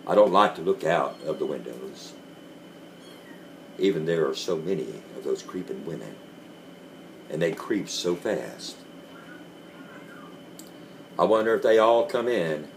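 Deep, slow-reading male storyteller. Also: expressive, a little hiss or hum. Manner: slow, deliberate storytelling with dramatic pauses. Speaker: reader. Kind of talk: dramatic reading of a classic story.

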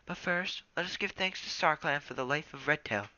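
A young man voicing a solemn, hushed female clan leader cat in a storybook reading. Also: sits low, expressive, normal speed, dull audio, voice pushed up.

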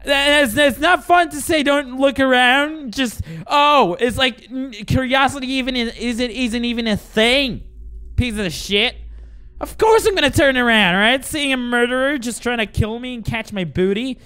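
A young man with a very high voice gives let's-play commentary on a horror game. His pitch swings widely as he moves from jittery mutters to sudden profane outbursts, with "all right" after nearly every phrase. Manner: excitable and profane, says "all right" constantly. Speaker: gamer playing a horror game.

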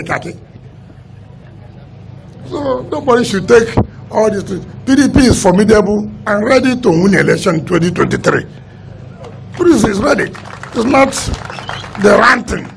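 A man's voice: sits high, gravelly, slight background noise. A man with a Nigerian accent, a state governor making an indignant, emphatic statement to the press. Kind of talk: heated political statement to the press.

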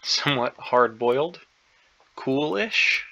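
A man's voice: medium pitch, animated, slow pace, creaky, pushed and bright, no echo. A man thinking aloud as he solves a crossword, hesitant and unsure, full of ums and second guesses, on a dull lo-fi recording. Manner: hesitant, unsure, many ums and self-doubts. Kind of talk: thinking aloud while solving a puzzle.

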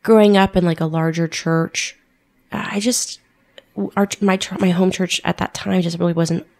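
A woman's voice: on the low side, steady tone, normal speed, darkish tone. A woman, a missionary guest in an interview, speaking in a reflective, hesitant way. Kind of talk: conversational interview.

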